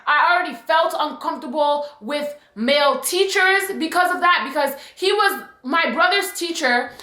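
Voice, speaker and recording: A young woman vlogger tells a story in an animated, emphatic way. She keeps adding "like" and "okay?" in a bright, slightly high voice. The echoey room gives her voice a roomy ring. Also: normal speed. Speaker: YouTube storyteller. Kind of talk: storytime vlog.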